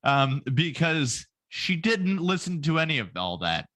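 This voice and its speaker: A man's voice: on the high side, sing-song, unhurried, a bit bright. A man co-hosting a podcast in casual comedic chat, joking and rambling with fillers. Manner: joking, does mocking voices, rambling with fillers. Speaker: podcast co-host.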